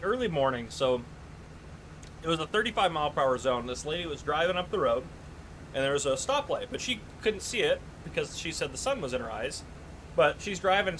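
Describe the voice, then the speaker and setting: A man's voice: high voice, bright, forceful tone, slight background noise, poor audio. A man chatting casually on a live gaming stream, telling stories, reading chat aloud and laughing often.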